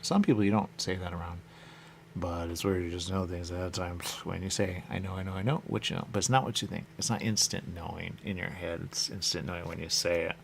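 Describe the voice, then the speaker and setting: Deep gravelly man rambling on radio. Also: steady tone, quick pace, slight background noise. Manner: loose, repetitive, musing, keeps saying "there you go". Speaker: radio show host. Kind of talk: rambling monologue.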